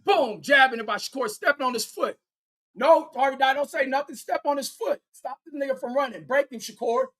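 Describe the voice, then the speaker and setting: A man with a high voice calls a boxing match live as a fan commentator. He is excitable and profane, shouting encouragement at his favorite fighter. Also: brisk. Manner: reads viewer chat aloud.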